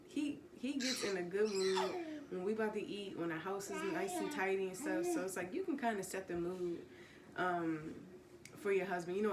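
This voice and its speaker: A woman giving a relaxed, casual Bible teaching from home, rambling with fillers and self-corrections. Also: medium pitch, echoey room, background noise. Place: home room with pets.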